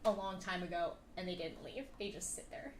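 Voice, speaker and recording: A woman's voice: fairly low pitch, steady tone, fairly quick. Woman game master, loose rambling narration for a tabletop game, noisy room. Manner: rambling with fillers and restarts.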